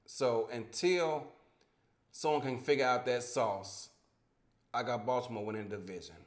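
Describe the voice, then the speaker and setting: A man's voice: mid-range voice, moderate pace. A man hosting a casual sports podcast over a home mic that cuts out, talking in a profane, heated, rambling way with many restarts. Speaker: podcast host. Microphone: home microphone with dropouts.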